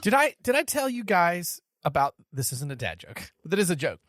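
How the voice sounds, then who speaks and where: A man's voice: on the high side, sing-song, a little fast, fairly bright tone, dry recording, clean studio sound. A man hosting a casual podcast chat, telling stories animatedly and repeating words as he thinks. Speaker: podcast host.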